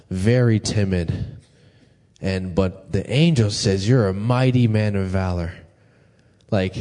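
A man's voice: on the low side, warm tone. A man preaching a casual, conversational sermon and asking his congregation questions. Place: church hall. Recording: long hall reverb.

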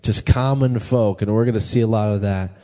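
A man's voice: on the low side, fairly even intonation, a little fast, dark tone. A man preaching a casual, conversational sermon and asking his congregation questions. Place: church hall. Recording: long hall reverb.

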